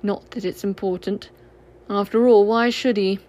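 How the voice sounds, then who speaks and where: A woman voicing a gloomy old male donkey in a storybook reading, speaking slowly and self-pityingly. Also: medium pitch, steady tone, darkish tone, natural voice. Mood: glum. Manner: slow, sighing and self-pitying.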